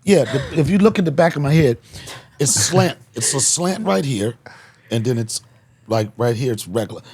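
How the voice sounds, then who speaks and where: Animated man telling a comic story. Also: medium pitch, moderate pace, husky. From Washington, D.C. area. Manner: animated, bursts into laughter and loud punchlines. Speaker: podcast host, comedian.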